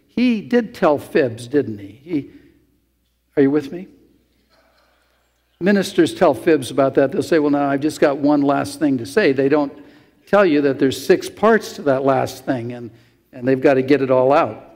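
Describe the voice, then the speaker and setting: A man's voice: medium pitch, animated, a little slow, long pauses, darkish tone. A man preaching a sermon as pastor, talking through the verses in a conversational way with asides to the congregation. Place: church sanctuary. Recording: long church hall reverb.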